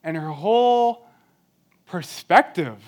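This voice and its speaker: Young male church speaker, high-pitched, earnest and conversational, pokes fun at himself. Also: lively intonation, slow pace. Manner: earnest, conversational, self-deprecating humor. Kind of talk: sermon.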